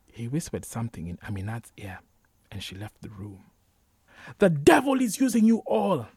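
A man reading a novel aloud as a narrator, measured and unhurried, sometimes dropping to a whisper. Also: medium pitch, a little mellow, breathy edge, dry recording. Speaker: audiobook narrator. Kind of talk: scripted narration.

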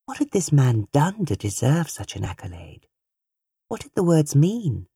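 A woman reading a novel as an audiobook narrator, measured and expressive, recorded on a close studio mic. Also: low-pitched, creaky, husky, no room sound.

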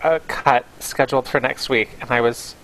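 A speaker in casual chat, joking wryly and laughing a lot, with quick one-liners. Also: mid-range voice, fairly even intonation, fairly bright tone. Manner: wry and playful, laughs a lot, with quick quips.

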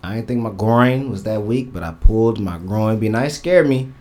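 A man's voice: on the low side, moderate pace, dark tone. A man hosting a casual podcast with friends, loose and laid-back, often trailing off mid-sentence. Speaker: podcast host.

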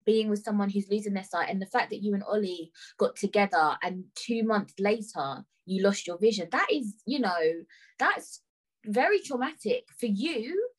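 A woman's voice: mid-range voice, normal speed, breathy edge, poor audio. A woman hosting a heartfelt conversation, chatty, frank and reassuring, with many fillers. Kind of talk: emotional personal conversation.

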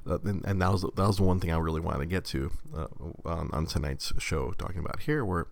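Young male podcast co-host, very low gravelly voice, loose rambling chat with restarts. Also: fast. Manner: rambling with many restarts and fillers. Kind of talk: casual chat.

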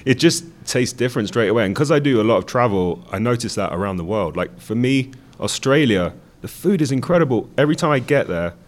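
A man's voice: medium pitch, animated, fast, few pauses. A British man, a guest DJ, chatting candidly and casually, self-deprecating and swearing freely. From Britain. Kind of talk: casual podcast chat.

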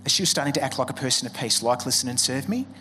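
A man's voice: mid-range voice, expressive, racing, sharp tone, faint music behind. A man preaching a sermon as a pastor, conversational and joking, acting out quoted voices. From Australia.

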